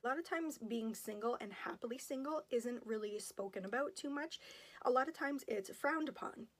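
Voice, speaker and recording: Woman in her 30s vlogging, kinda high voice, open and emotional. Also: moderate pace. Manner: candid, emotional. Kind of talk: personal vlog.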